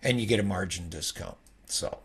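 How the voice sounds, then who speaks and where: A middle-aged man with a gravelly, fry-laden voice talks through trading charts in a loose, rambling way. He keeps tossing in "okay?" as he points out levels and closes, like a floor trader teaching at his desk. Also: low-pitched, normal speed. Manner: rambling, conversational, peppered with "okay?". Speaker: futures trading educator. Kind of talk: casual chart walkthrough.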